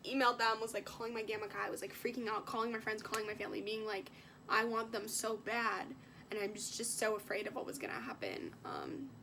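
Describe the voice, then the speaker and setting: A woman's voice: mid-range voice, animated, quick pace, creaky, hardly any pauses, background noise. A young woman vlogging in a casual, chatty way, sick and coughing now and then, with lots of fillers as she tells an emotional story. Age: young adult. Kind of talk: casual vlog chat.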